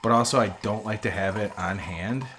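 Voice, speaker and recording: A man's voice: lowish voice, fairly quick, fairly bright tone, a little hiss or hum. A man co-hosting a podcast, chatting casually and rambling in a self-deprecating way. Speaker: podcast co-host. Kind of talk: casual chat.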